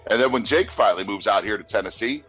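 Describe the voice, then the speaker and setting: A man's voice: on the low side, fast, a bit bright, highs cut off, faint music behind. A man chatting as a podcast guest, rambling and crude, often laughing. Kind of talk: casual podcast chat.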